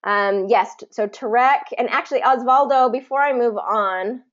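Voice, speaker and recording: A woman teaching English pronunciation in a live online class, patiently demonstrating words slowly. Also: on the high side, dull audio. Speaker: pronunciation coach.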